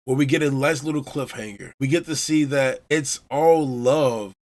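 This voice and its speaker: A man from Chicago hosts a casual podcast, retelling each scene with eager energy. His voice sits at an ordinary, middle pitch. He talks like a fan walking friends through the plot. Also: moderate pace, a little mellow. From Chicago, USA. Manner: enthusiastic storyteller retelling scenes. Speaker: podcast host. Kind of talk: casual manga chapter recap.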